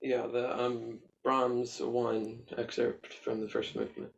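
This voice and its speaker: A man's voice: medium pitch, little pitch movement, slow, vocal fry. A male student answering briefly and hesitantly over a video call. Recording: distant, dull video call audio.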